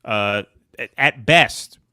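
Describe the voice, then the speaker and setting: Male host, election-night analysis, brisk and joking, clear resonant voice, dry sound. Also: mid-range voice, bright, forceful tone, no echo. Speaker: political show host. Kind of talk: live election-night commentary.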